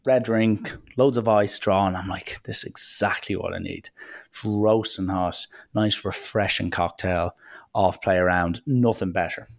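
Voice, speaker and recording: A young man tells a holiday story in a chatty, animated way and acts out what people said. His voice sits low. The sound is dry and close to the mic. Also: no echo. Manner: chatty, animated anecdotes with acted quotes. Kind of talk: casual storytelling.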